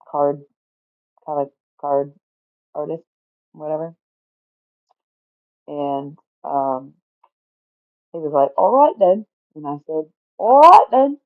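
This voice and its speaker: A woman livestreaming in casual chat, rambling and swearing freely, getting loud and exasperated. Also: low-pitched, dry recording. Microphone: streaming mic. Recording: tinny phone-like dry sound.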